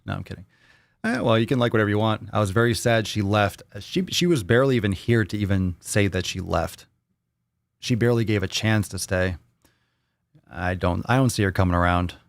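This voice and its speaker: Casting: American man, livestream host, lowish voice, loose joking banter, dry close sound. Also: fairly quick, vocal fry, dry recording. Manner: rambling, repeats himself, joking banter with chat. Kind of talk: casual live Q&A chat.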